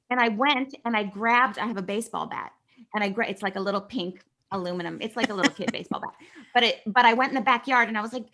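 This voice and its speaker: Middle-aged woman from California, guest actress, animated storyteller with a bright, slightly high voice. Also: a little hiss or hum. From California, USA. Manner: animated, chatty, acts out quoted dialogue. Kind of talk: casual interview storytelling.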